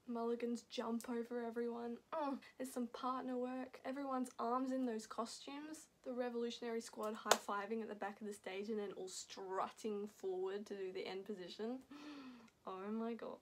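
A young Australian woman rambling excitedly in a casual reaction vlog, laughing often between thoughts. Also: a little high. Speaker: vlogger.

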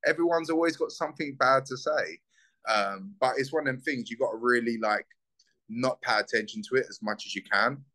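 Blunt South London fighter, bright voice. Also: male voice, mid-range voice, fairly quick, poor audio. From South East London. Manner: blunt, swears freely, heated. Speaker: bare-knuckle fighter. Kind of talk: casual interview.

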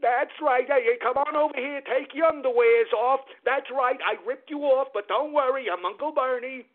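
A man's voice: very high-pitched, moderate pace. A man impersonating a gloating old politician, leering and taunting. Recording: tinny phone-like radio audio.

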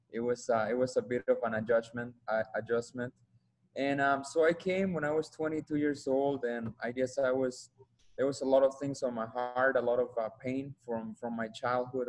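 Flat-voiced man with a Mexican accent. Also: medium pitch, low-quality recording. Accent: Mexican Spanish. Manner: earnest, halting, repeats himself while searching for words. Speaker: guest speaker giving a testimony. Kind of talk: personal testimony.

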